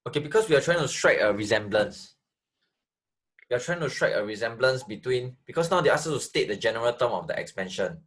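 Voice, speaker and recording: A man's voice: mid-range voice, lively intonation, fast, a bit bright. A man tutoring math, explaining step by step, repeating phrases and checking that his student follows. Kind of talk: online tutoring lesson.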